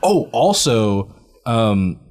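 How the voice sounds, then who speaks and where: A man's voice: fairly low pitch, very animated, extremely slow, a little mellow. A man guesting on a studio podcast, rambling and hesitant as he searches for words in casual chat. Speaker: guest video editor.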